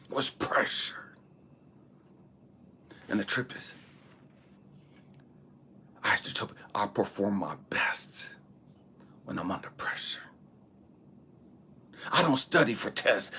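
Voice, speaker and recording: A man hosting a spiritual channel, telling a personal story in an animated, emphatic way, swearing freely and sometimes dropping to a whisper. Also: on the low side, a little slow, pauses often, slightly rough. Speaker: spiritual channel host and intuitive reader. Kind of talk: casual storytelling monologue.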